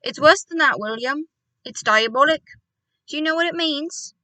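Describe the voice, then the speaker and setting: An excitable elderly country doctor bursts into loud, indignant outbursts, as a woman reader puts him on. The voice sits high and bright. It is recorded close and dry. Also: normal speed, no echo. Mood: outraged.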